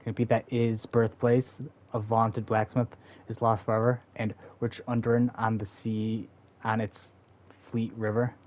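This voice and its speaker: A man's voice: on the low side, monotone, a little slow, a little mellow, lightly acted. A man reading a stern forest seer woman. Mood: bitter. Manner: stern, defiant and dismissive. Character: proud bitter forest seer woman, mother. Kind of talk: reading game dialogue aloud.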